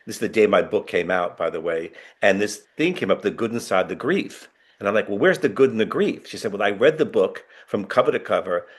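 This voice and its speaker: A man's voice: lowish voice, fairly quick, hardly any pauses. A man talking as a podcast guest author, telling heartfelt stories with many restarts. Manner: emotional storyteller, many restarts. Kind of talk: podcast conversation.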